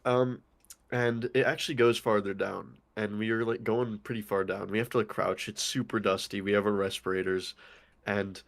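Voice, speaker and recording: A man's voice: lowish voice, steady tone, normal speed, creaky. A young man co-hosting a podcast in casual chat, rambling with lots of "like" and casual swearing. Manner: rambling, heavy use of "like", swears freely. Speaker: podcast co-host.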